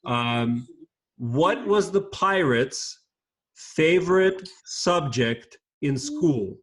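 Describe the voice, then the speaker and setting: A man teaching a children's class over a video call, patient and encouraging, speaking slowly and clearly. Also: a little high, very animated, a bit bright.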